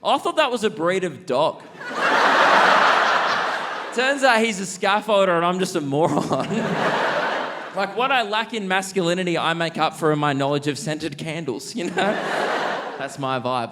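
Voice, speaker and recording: A man's voice: a little high, animated, unhurried, long pauses, background noise. A young Australian man doing stand-up comedy in a theatre, rambling and self-mocking as he laughs at his own jokes. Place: large theatre on stage.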